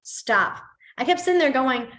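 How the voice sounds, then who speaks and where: A young woman, teaching a sign language class in a chatty, casual way full of fillers, going quiet as she demonstrates signs. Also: sits high, expressive, normal speed. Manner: chatty, many fillers, drops to quiet when signing.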